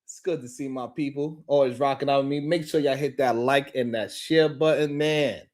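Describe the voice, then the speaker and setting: A man's voice: medium pitch, fairly even intonation, moderate pace, a little mellow. A man hosting a live stream, talking in a loose, slangy, mocking way. He laughs often and greets viewers in the chat by name. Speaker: live-stream show host. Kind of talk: casual live-stream commentary.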